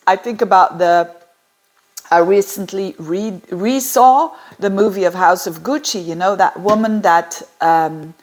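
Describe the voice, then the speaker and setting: Woman astrologer, informal explainer, wanders off on tangents, lots of ums and restarts. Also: mid-range voice. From Belgium. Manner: chatty, digressive, with many fillers and restarts.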